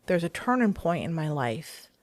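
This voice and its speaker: A woman's voice: sits low, big pitch swings, normal speed, dry recording. A woman telling her personal story of faith as a guest in an interview, earnest and hesitant, often restarting her sentences. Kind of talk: personal testimony in a podcast interview.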